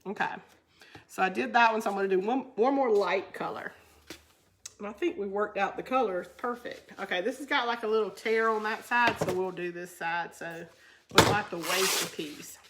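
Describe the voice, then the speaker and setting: A craft video host from the Southern United States chats casually in a Southern drawl, laughing as she crafts and reads viewer comments. Her mid-range voice has a fairly bright tone at a moderate pace.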